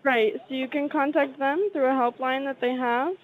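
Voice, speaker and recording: A calm, polite customer service worker on the phone with an angry caller, patient and steady. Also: high-pitched, normal speed, phone-quality sound.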